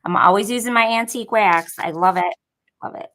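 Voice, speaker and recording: A woman's voice: mid-range voice, brisk, a bit bright, low-quality recording. A young woman from Buffalo, New York with a Buffalo accent, chatting casually and rambling through a crafting tutorial. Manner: chatty, rambling, many filler likes. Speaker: craft vlogger.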